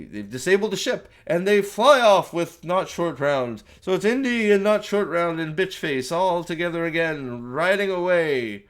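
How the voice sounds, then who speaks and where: A man ranting through a spoiler movie review, exasperated, profane and rambling. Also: on the high side.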